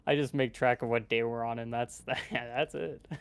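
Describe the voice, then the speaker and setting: Casting: gravelly man as a chatty tabletop player who meanders with fillers and restarts. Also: medium pitch, steady tone, normal speed. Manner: rambling, full of fillers and restarts. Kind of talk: casual tabletop game chat.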